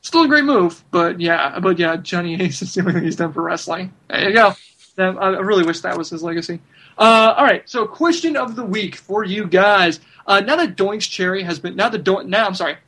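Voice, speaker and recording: A man's voice: sits high, lively intonation, a little fast, sharp tone, poor audio. A man hosting a wrestling podcast, chatting casually and jokingly, then running through plugs for the show. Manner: chatty, jokey, reads out plugs. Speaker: podcast host.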